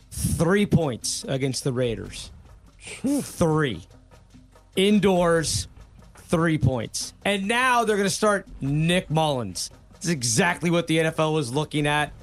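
A man who produces a sports show, giving his pick in a dry, sardonic way. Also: a little high. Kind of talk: casual sports chat.

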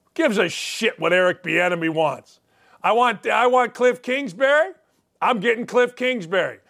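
Male sports-talk host, high-pitched, combative and profane, ranting opinion segment. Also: expressive, moderate pace, creaky, a bit bright.

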